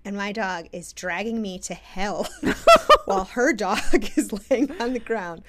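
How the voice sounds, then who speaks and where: A woman co-hosting a podcast, telling a story in a casual, animated way and laughing often. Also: mid-range voice, unhurried, very noisy. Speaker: podcast co-host. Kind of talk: casual chat.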